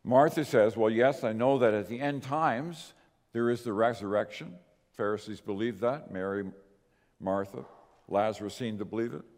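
A male pastor delivering a sermon, earnest and emphatic, swinging between raised stresses and quiet drops. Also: on the low side, moderate pace. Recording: long hall reverb.

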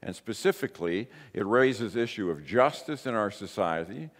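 A man's voice: on the low side, animated, normal speed. Man preaching in a reverberant church. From grew up in a Pentecostal church. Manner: conversational preaching, rising to emphatic bursts. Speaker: pastor. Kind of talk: sermon. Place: church sanctuary. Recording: long hall reverb.

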